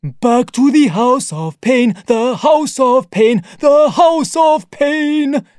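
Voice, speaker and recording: Frenzied ape-man, voiced by a man: high shouted slow chant, dry studio read. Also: animated, smooth, no room sound, heavily acted.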